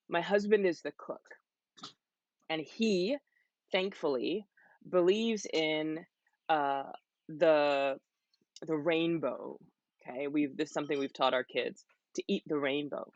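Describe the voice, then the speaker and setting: A woman's voice: deep voice, dry recording, dull audio. A woman hosting a live-streamed health seminar from home, chatting casually and putting questions to her viewers. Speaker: host of a health seminar series.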